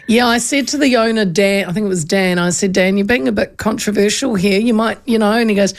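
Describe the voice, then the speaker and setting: A woman with a New Zealand accent hosts a radio show, spinning a chatty story with lively impressions of the people in it. Her voice carries a gravelly fry throughout. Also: mid-range voice, a little fast. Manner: lively, animated, acts out voices in anecdotes. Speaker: radio host.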